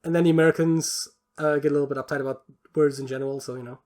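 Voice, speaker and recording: A podcast co-host in loose, casual chat, muttering through guesses and thinking out loud. The voice sits at an ordinary middle pitch, and the talk is full of fillers and offhand swearing. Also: steady tone, rapid-fire.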